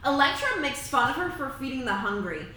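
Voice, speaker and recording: Lively bright woman in a very echoey room. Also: high-pitched, fairly quick, background noise. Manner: expressive, blunt, swears casually. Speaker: podcast co-host. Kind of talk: casual book discussion.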